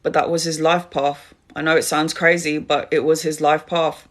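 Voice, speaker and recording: A woman's voice: deep voice, flat delivery, moderate pace. A middle-aged woman, a tarot reader, giving a spiritual talk on a live stream, speaking straight to her viewers with emphatic repetition.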